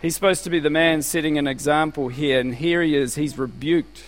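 A man's voice: fairly high pitch, steady tone, a little fast. A man giving a conversational sermon as a pastor, asking rhetorical questions and telling stories. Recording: reverberant hall.

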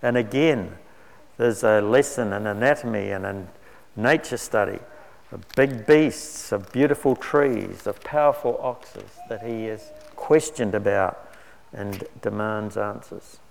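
A man preaching a sermon in a measured, earnest way, lifting his voice on key words. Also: on the low side, creaky. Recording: long hall reverb.

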